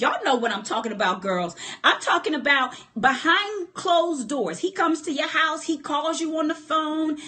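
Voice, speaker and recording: A woman's voice: sits high, fairly bright tone. A woman giving a motivational livestream talk from her phone, speaking emphatically, repeating key points and calling out to her listeners. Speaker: relationship speaker.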